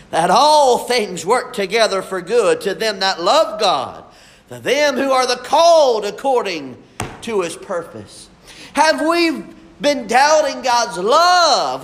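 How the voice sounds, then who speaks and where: Casting: young male preacher, high voice, fervent and unhurried delivery. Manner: fervent, drawn-out preaching with shifts between soft and emphatic. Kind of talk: sermon.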